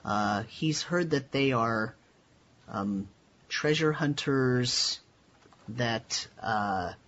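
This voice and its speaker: A man narrating as game master in a tabletop game, halting with many fillers. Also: mid-range voice, fairly bright tone. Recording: dull lo-fi voice chat with faint hiss.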